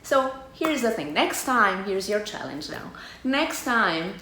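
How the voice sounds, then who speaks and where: A middle-aged woman from Buenos Aires with an Argentine Spanish accent. She is a tango teacher explaining culture in a chatty, expressive way and acts out little scenes. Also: mid-range voice, takes it slowly, a little hiss or hum. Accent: Argentine Spanish (porteño). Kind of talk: casual explanatory vlog. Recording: echoey room with faint ambience.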